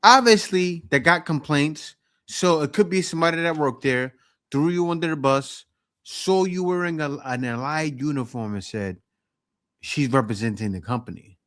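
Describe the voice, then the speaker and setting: A man's voice: on the high side, moderate pace, a bit bright. A man hosting a reaction show, making casual teasing comments about a clip. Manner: joking, teasing remarks.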